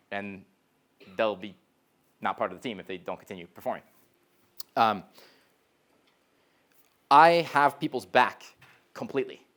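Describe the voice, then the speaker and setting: A young man giving a live talk to a college class as a startup founder, telling stories in a lively way, full of "like" and "um," and acting out quoted voices. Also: on the low side. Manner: lively storyteller, frequent "like" and "um", animated quoted voices.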